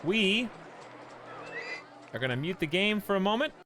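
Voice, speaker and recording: A man casually chatting through a live game stream at home, animated and chuckling often. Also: sits high, a little slow, a little hiss or hum.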